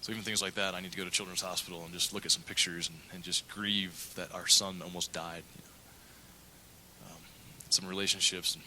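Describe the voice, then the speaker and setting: A man's voice: low voice, level tone, brisk, bright, forceful tone, a little hiss or hum, rough recording. A middle-aged male pastor preaching a sermon, telling a candid personal story and acting out the quotes. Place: church.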